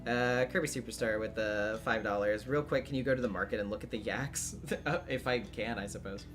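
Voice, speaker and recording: A man's voice: lowish voice, fairly quick. A man giving casual, rambling commentary on a game playthrough, laughing often, with game music behind. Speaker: let's play streamer.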